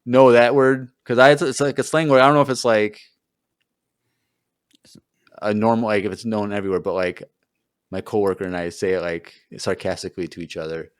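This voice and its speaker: Smooth-voiced chatty podcast host. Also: male voice, on the low side, steady tone, brisk, long pauses, no room sound, clean studio sound. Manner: chatty, self-deprecating, many fillers. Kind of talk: casual podcast chat.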